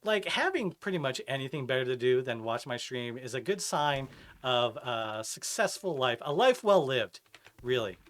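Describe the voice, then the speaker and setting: Male streamer, bright and lively, chatty game-stream delivery, reads chat aloud. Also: mid-range voice, normal speed. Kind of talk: casual live-stream chat while gaming.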